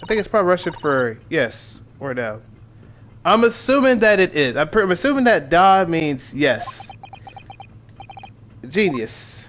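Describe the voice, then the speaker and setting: A man's voice: a little high, big pitch swings, a little slow, long pauses, fairly bright tone, slight background noise. A man streaming a game, talking casually in rambling, self-correcting asides between dialogue. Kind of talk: gameplay commentary while reading dialogue.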